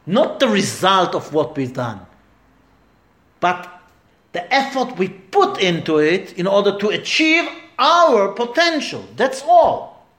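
A man's voice: high-pitched, very animated, takes it slowly, fairly bright tone, echoey room. A man, a rabbi giving a Torah class to a small group, talking emphatically and asking rhetorical questions.

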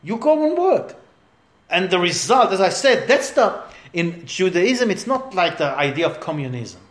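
A man's voice: high voice, very animated, moderate pace, reverberant. A man, a rabbi giving a Torah class to a small group, talking emphatically and asking rhetorical questions.

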